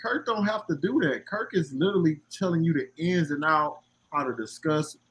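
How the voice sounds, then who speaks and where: Bright-voiced animated man telling stories. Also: a little high, moderate pace. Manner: animated storyteller acting out quoted dialogue. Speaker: box truck business owner on a panel. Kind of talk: casual panel talk.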